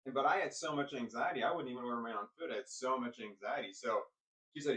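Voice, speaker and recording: A man telling a personal story in a rambling, halting way, often restarting his sentences. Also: mid-range voice, fairly bright tone, far from the mic, rough recording.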